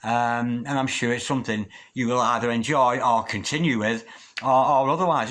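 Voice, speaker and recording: A man's voice: medium pitch, moderate pace, fairly bright tone. A man talking through a tarot card reading in a chatty way, stopping now and then to call on spirit guides. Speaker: tarot reader.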